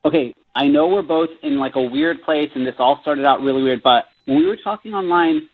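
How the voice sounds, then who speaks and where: A man's voice: a little high, a little fast. A man on a phone call to a radio show, defensive and sulky as he talks about a failed date. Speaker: date being called on air. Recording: tinny phone line.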